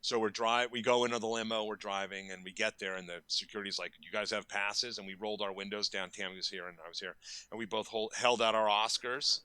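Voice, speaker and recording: A man's voice: fairly low pitch, fairly even intonation, quick pace, bright, forceful tone, smooth, no echo. A man in his fifties, a makeup effects artist, telling stories casually in an interview and acting out quoted lines with bursts of energy.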